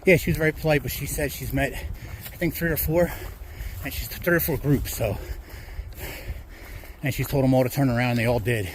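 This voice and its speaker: A man's voice: medium pitch, normal speed, slight background noise. Rambling man vlogging on a hiking trail. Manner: rambling, chatty, many fillers. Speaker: hiker vlogger. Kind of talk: casual trail vlog.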